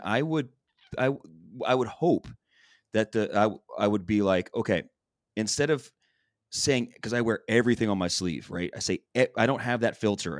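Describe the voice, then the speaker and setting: A male podcast co-host chats casually in a rambling, candid way, swearing without much thought. His voice is on the low side, and the sound is clean studio audio with no echo.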